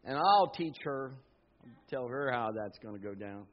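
A middle-aged man pastor preaching a sermon, telling personal stories with animated asides and quoted voices. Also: medium pitch, measured pace. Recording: dull lo-fi sound.

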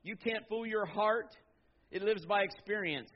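High-voiced preaching pastor, man. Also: steady tone, brisk. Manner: dynamic preaching, swings from loud emphatic to low and quiet. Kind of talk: sermon. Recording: slightly dull lo-fi sound.

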